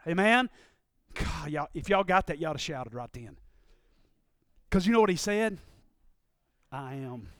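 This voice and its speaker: A man preaching a sermon in a church, moving from quiet, confiding talk up to loud, shouted preaching. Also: very high voice, clean tone, no echo, clean studio sound. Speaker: pastor. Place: church sanctuary.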